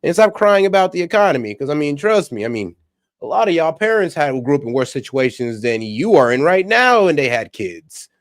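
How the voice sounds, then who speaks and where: A man's voice: fairly high pitch, big pitch swings, a little fast, no room sound, clean studio sound. A man hosting a reaction stream, talking casually and bluntly in slangy asides to his viewers.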